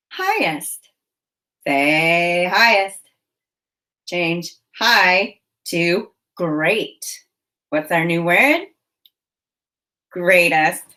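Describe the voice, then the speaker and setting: Very slow-speaking woman teacher. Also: medium pitch, pushed and bright. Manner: slow, deliberate prompts with praise. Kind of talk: phonemic awareness lesson for children.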